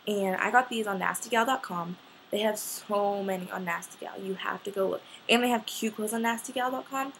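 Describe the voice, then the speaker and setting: A teenage girl with a voice of ordinary pitch tells a story for her fashion vlog. She talks in an excited, gushing way. Her sentences are loose and filler-heavy, with faint noise behind her. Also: fairly quick, creaky. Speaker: fashion vlogger.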